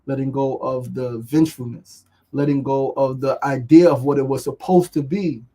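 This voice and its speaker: A man's voice: mid-range voice, steady tone, moderate pace, dark tone, rough recording. A man hosting a motivational show, talking with passion and frequent swearing, asking "right?" again and again. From New York. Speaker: podcast host. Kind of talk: motivational livestream talk.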